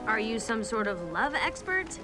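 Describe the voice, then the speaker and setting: A woman voicing an eager, naive young princess who rambles breathlessly in animated film dialogue, with music underneath. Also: on the high side, normal speed, rough recording. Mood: bubbly, defensive. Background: film score music.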